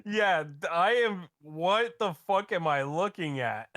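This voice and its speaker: Excitable swearing man, lively pitch. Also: slow, dry recording, clean studio sound. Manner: excitable, swears a lot in reactions. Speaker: podcast co-host. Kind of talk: casual chat.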